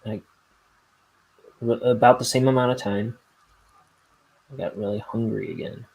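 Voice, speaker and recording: A man's voice: on the low side, measured pace, gravelly, a little mellow, slightly rough. A man chatting casually and joking dryly while he draws comics. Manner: dry, joking. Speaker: comic artist co-host. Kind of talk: casual chat.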